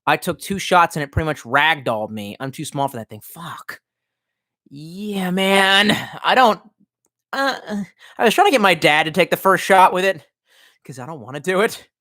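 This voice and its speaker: A man's voice: fairly high pitch, expressive, normal speed, sharp tone. Profane, rambling man with a swooping voice. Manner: profane, rambling, tipsy with vodka. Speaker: streamer reading live chat. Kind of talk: casual rambling livestream chat.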